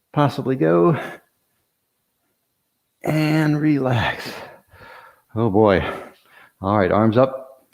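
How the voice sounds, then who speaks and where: An older man coaching a workout at an unhurried pace, his voice sitting fairly low. He demonstrates each move as he explains it, counts down the reps and keeps cheering listeners on with small jokes. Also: dark tone. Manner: encouraging, counts reps, cues breathing, light jokes; talks while demonstrating the exercises. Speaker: exercise coach. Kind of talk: guided workout instruction.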